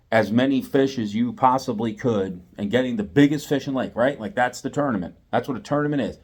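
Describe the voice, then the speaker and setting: A middle-aged man, host of a fishing channel, telling a story in a lively, repetitive way. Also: mid-range voice. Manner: animated, acts out quotes, repeats himself. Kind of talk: storytelling monologue.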